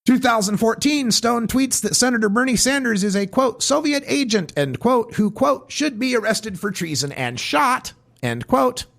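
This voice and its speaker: Lively, gravelly-voiced male podcast host. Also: very high-pitched, normal speed. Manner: reads quotes with emphatic, pointed delivery. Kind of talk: reading a scripted commentary segment.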